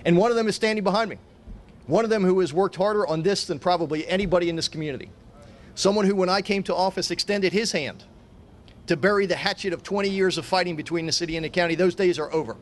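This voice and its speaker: A man's voice: high voice, fast talker. A middle-aged man, a mayor, giving a formal public speech with emphatic, repetitive phrasing.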